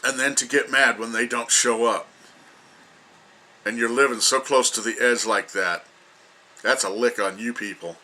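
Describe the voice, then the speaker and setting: Older guy on a vlog rant, really sharp forceful voice, lecturing and repeating himself. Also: medium pitch, moderate pace, pauses often. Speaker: vlogger. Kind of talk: opinion rant.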